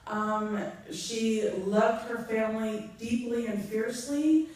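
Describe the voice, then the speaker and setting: A middle-aged woman giving a funeral eulogy, halting and heartfelt, with frequent ums. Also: fairly high pitch, fairly even intonation, a little mellow, a little hiss or hum. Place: large echoey hall. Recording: echoey hall from far off.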